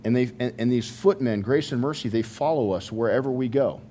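A man's voice: medium pitch, brisk, mellow, slight background noise. Conversational male pastor preaching. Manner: conversational, with joking asides and restarts. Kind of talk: sermon.

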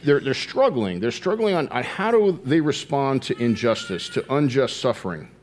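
A man preaching a sermon, earnest, slowing down to stress key phrases and rising in pitch as he tells a story. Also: big pitch swings.

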